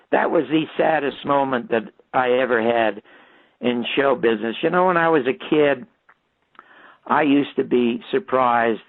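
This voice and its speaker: An older man, a radio guest, telling stories in an animated way and acting out the voices he quotes. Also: mid-range voice, gravelly, no echo. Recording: tinny phone line.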